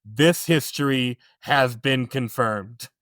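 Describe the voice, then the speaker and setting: A man co-hosting a movie podcast who chats casually, with a blunt, teasing and dry manner. His voice sits at a middle pitch and is recorded close in a dead, dry room. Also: slow pace, fairly bright tone, dry recording. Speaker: podcast co-host. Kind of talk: casual chat.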